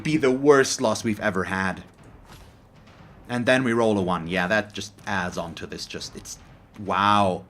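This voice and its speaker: A man's voice: lowish voice, unhurried, fairly bright tone, soft background music. A man commentating his own game as host of a let's play, talking in a frustrated, openly salty way with frequent sighs. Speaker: gaming channel host.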